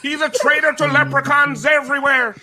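A man's voice: very high voice, flat delivery, a little fast, over music. A man putting on a blustering old leprechaun. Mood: indignant. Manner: indignant, shouting denials. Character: old male leprechaun mascot, defensive and blustering.

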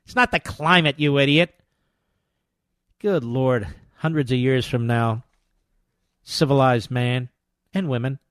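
An older man hosting a talk radio show, delivering a combative, sarcastic monologue that swings between loud jabs and quiet asides. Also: mid-range voice, no room sound, clean studio sound.

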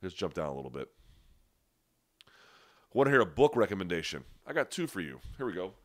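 A man's voice: low voice, big pitch swings, a little fast, no echo, clean studio sound. A man hosting a live chat, answering viewer questions in a conversational, emphatic way with restarts and a stuffy nose. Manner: conversational, frequent restarts and fillers, emphatic asides. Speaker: livestream host.

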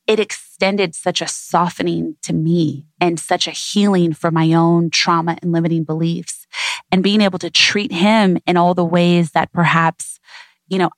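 A woman's voice: lowish voice, steady tone, normal speed, dry recording. A woman guest on an interview show, speaking earnestly and reflectively in repeated emphatic phrases.

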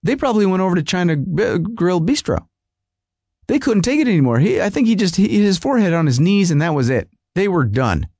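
A man's voice: sits high, sing-song, brisk, a little mellow, slightly rough, no room sound. A man hosting a podcast, telling a comic story in a whiny, rambling, exasperated way. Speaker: podcast host. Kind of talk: comedic storytelling monologue.

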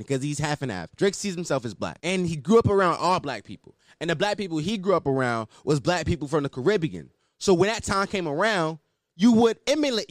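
A man hosting a commentary show, arguing in a profane, animated rant. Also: high-pitched, no room sound, studio quality. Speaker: commentary host.

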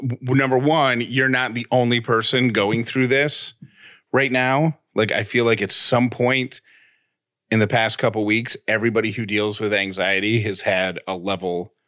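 A man's voice: medium pitch, fairly even intonation, normal speed, fairly bright tone, no room sound, clean studio sound. Wry, reassuring man co-host. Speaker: podcast co-host. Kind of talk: casual chat.

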